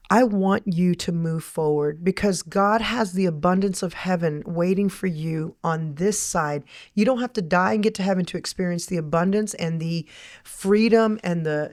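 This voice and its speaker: Animated middle-aged woman podcast host. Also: lowish voice. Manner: animated storytelling, acts out her own inner dialogue. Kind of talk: faith-based interview chat.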